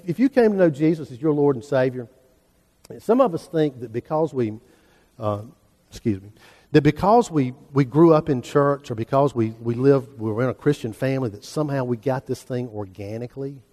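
A man's voice: mid-range voice, lively intonation, fairly quick, warm tone. A middle-aged man, preaching a sermon in an earnest, folksy storytelling manner. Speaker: pastor. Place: church sanctuary. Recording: preacher in a large reverberant church.

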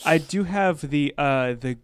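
A man co-hosting a casual movie podcast, slightly tipsy and cracking goofy deadpan jokes. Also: a little high, measured pace, clear, resonant tone, no echo. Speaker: podcast co-host. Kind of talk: casual movie-review chat.

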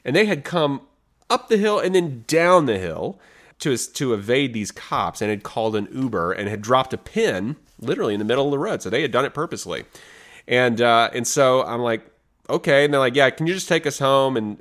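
A man co-hosting a casual podcast, his pitch swinging widely as he tells a story. He laughs often and slips into little voices for the people in his anecdotes. His delivery is loose and chatty. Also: normal speed. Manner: animated, laughs often, acts out voices in stories. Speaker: podcast co-host.

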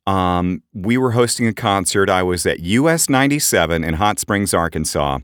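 A middle-aged man co-hosting a podcast, telling animated anecdotes in casual chat and jumping up in pitch for quoted voices. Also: normal speed, clean tone, no room sound, clean studio sound. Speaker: podcast co-host.

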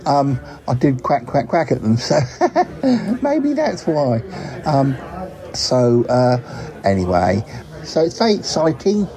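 A man gives an expressive, mellow mid-range performance at a measured pace as a talking duck reporting from his travels. It's a comic character piece, with the friendly duck rambling, giggling and adding quacks.

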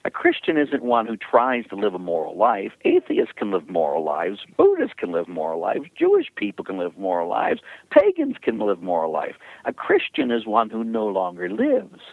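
Emphatic priest on a tinny phone line. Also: male voice, lowish voice, huge pitch swings, normal speed, creaky, few pauses, no echo. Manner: emphatic, preacherly. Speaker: priest, author and interview guest. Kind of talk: interview, preaching tone.

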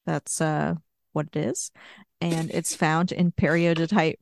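Gravelly, laid-back young woman podcaster. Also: low-pitched, level tone, a little slow. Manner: laid-back, explains facts steadily. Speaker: podcast co-host. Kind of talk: casual chat, sharing facts.

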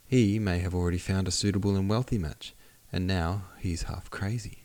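A man reading the lines of a fond aristocratic mother in an audiobook, admonishing gently and patiently. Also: low-pitched, steady tone, normal speed, close to an everyday voice. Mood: gently scolding.

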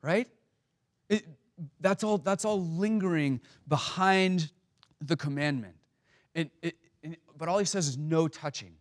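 A man's voice: on the high side, unhurried, pauses often. A man giving a sermon as a pastor, speaking conversationally with many stammered restarts and fillers.

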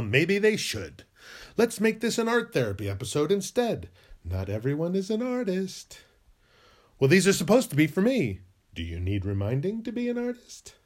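Male podcast host, comic self-argument in two voices, unhurried, sing-song, slightly high pitch. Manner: bickers with himself in two voices.

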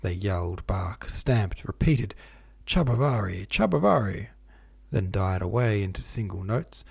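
Male reader, low husky voice, measured classic-novel reading. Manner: steady, measured reading that stops to explain footnotes. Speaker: audiobook reader.

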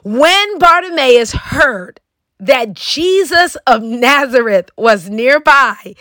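A woman preaching on her podcast with a high, bright voice, pressing her points with fervent emphasis and breaking into shouts. The sound is close and completely dry, with no room around it. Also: expressive, takes it slowly, no echo.

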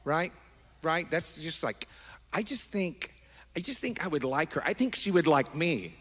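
A middle-aged man preaching as a pastor, animated and affectionate, wandering into asides with his congregation. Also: on the high side, unhurried, husky. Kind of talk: sermon. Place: large church sanctuary. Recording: long hall reverb.

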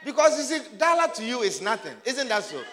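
A man preaching a sermon to his congregation, emphatic and often shouting, repeating his phrases for force. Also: extremely high pitch, very animated, fairly quick, in a large hall, some chatter behind.

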